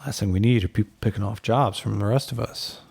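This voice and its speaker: A man voicing an aging army general who speaks calmly and folksily, calling the younger man son. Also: lowish voice, quick pace, gravelly, breathy edge, dry recording. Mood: fatherly. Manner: calm, folksy, calls others son. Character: gruff aging male army general, fatherly.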